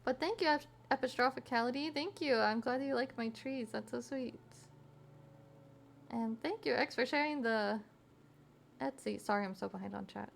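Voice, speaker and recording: A woman's voice: fairly high pitch, moderate pace, creaky, a little hiss or hum. A young woman streamer chatting casually with her viewers while crafting, reading chat aloud and giggling often.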